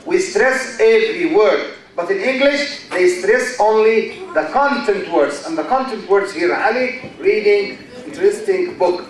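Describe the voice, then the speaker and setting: Slow Egyptian man lecturing in echoey hall. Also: high voice, slight background noise. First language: Arabic. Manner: slow, drawn-out emphasis, repeats example sentences. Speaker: university lecturer. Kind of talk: classroom lecture. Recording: echoey hall, mic far off.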